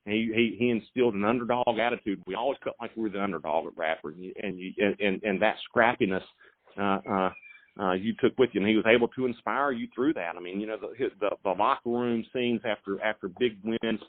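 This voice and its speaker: A middle-aged man, a high school football coach, talking in a halting way with many repeated words and fillers. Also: steady tone, dry recording. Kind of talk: phone interview. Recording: phone line.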